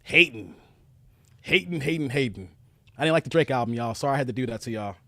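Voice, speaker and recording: A man from Chicago hosting a reaction commentary livestream, talking straight to his viewers in a mocking, animated way. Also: mid-range voice, rapid-fire, dry recording, studio quality. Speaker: commentary show host.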